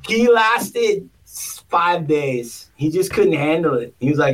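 This high-pitched man speaks at a measured pace in an animated way, picked up by a distant mic with a little hiss or hum. He's a podcast co-host chatting casually, rambling through stories, restarting often, and voicing other people comically.

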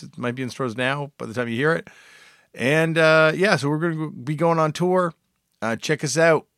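A man's voice: mid-range voice, fairly bright tone, dry recording, clean studio sound. A man hosting a podcast, giving a casual, enthusiastic intro full of fillers and restarts. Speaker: podcast host.

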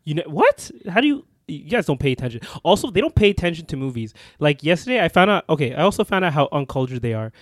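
A man's voice: on the high side, big pitch swings, no room sound, studio quality. Man joking around on a podcast. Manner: laughs often, quick joking banter. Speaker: podcast co-host. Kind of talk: casual chat.

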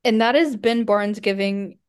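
A woman's voice: medium pitch, a little slow, clean tone. A woman co-hosting a podcast, telling rambling, self-deprecating stories in casual chat and laughing often. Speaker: podcast co-host.

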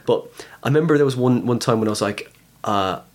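Chatty comedian, rambling stories. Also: male voice, mid-range voice, fairly quick. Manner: rambling, many restarts, animated storytelling. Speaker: comedian guest. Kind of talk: casual podcast chat.

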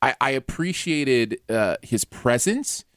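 A man chatting casually as a co-host about a movie in a relaxed way. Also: mid-range voice, slow, clean tone, no room sound, clean studio sound. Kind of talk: casual chat.

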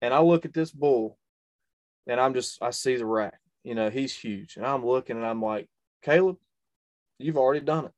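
A man's voice: mid-range voice, moderate pace, dry recording. Earnest man telling a story, dry sound. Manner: emphatic and earnest, repeats phrases for stress. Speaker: hunter and video creator, guest. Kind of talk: telling a personal story in a conversation.

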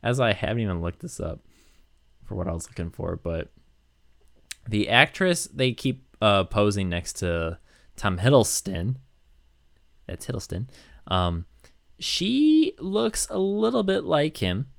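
A man chatting casually, rambling and excited as he lays out a fan theory, with many fillers. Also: on the low side, unhurried, vocal fry, long pauses, dry recording, studio quality. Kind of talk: casual chat.

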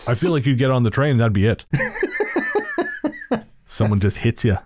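A man's voice: medium pitch, wildly swooping pitch, measured pace, breathy edge, no room sound. A man hosting a podcast, chatting casually with sarcastic, profane jokes and frequent laughter. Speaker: podcast host.

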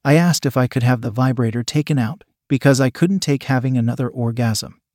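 A man's voice: medium pitch, darkish tone, dry recording, studio quality. A man steadily reading a first-person erotic story aloud. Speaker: narrator.

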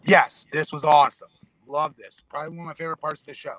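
A man's voice: fairly high pitch, flat delivery, quick pace, fairly bright tone, no room sound, rough recording. A man on a casual wrestling podcast, arguing booking points emphatically and lecturing his co-hosts. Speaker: podcast co-host. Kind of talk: casual wrestling opinion chat.

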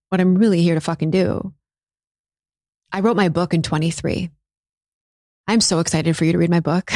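Woman in her thirties, podcast host; frank and spiritual, low-set voice, recorded dry and close. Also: darkish tone, no echo. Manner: candid, spiritual, swears casually. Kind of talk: reflective solo podcast monologue.

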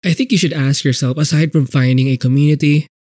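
A man's voice: on the high side, fairly even intonation, fast talker, darkish tone, dry recording. A man hosting a casual solo podcast, rambling with many fillers and frequent swearing, talking with a blocked nose. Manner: rambling, profane, lots of fillers. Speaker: podcast host.

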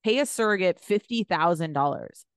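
Female podcast co-host, lowish voice, blunt and sarcastic, dry close-mic sound. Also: moderate pace, clean tone, dry recording. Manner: blunt, animated, swearing, sarcastic asides. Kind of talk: casual chat reviewing a reality show.

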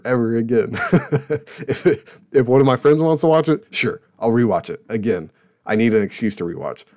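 A man's voice: medium pitch, dark tone. A young adult man hosting a casual show, rambling sarcastically about television and laughing at his own jokes. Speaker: podcast host reviewing TV shows. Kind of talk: casual opinionated chat.

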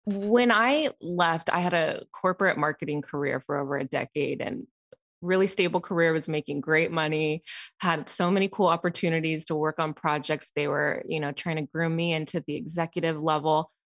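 A woman's voice: low-pitched, moderate pace, dry recording, clean studio sound. A woman guest on a podcast, telling her story candidly and animatedly, swearing casually. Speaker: guest, style coach.

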